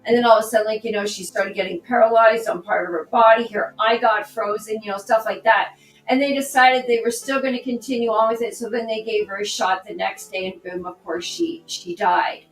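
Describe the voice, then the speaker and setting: A woman, a political candidate on a podcast, talking through a personal story in an animated way and acting out the dialogue. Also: mid-range voice, a little fast. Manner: animated, re-enacts dialogue in her stories. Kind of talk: conversational storytelling. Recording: echoey room, distant mic, faint music.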